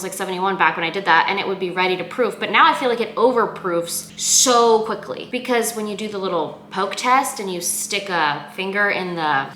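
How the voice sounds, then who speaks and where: A young woman vlogging in her apartment kitchen, chatting in a rambling, self-mocking way full of quick asides. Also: medium pitch, pushed and bright, echoey room, slight background noise. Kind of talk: casual chatty vlog.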